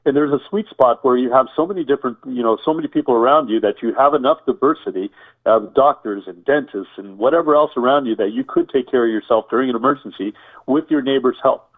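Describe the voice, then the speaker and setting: A man's voice: mid-range voice, fast talker. A man guest in an interview explaining survival preparedness, listing items and repeating points, asking rhetorical questions. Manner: enumerating, repetitive, rhetorical questions. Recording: tinny phone-like line.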